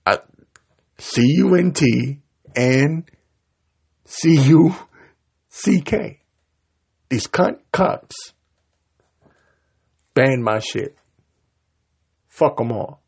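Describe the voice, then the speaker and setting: Podcast host, male, husky voice, furious cursing rant, lively pitch. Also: extremely slow, pauses often. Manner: angry, profane and heated, talking over himself. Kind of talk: ranting solo podcast.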